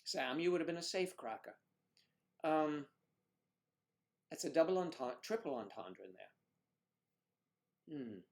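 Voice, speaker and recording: A man's voice: fairly high pitch, animated, measured pace, pauses often. Bawdy joking middle-aged man. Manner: bawdy joking, teasing viewers by name. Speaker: livestream co-host. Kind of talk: casual livestream chat reading comments.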